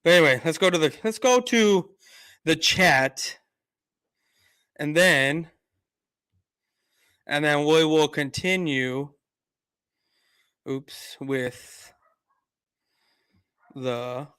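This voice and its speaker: A man's voice: fairly high pitch, drawn-out words, long pauses, a bit bright, clean tone. A man hosting a casual sports live stream, rambling and argumentative. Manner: rambling, lots of fillers and restarts, argumentative.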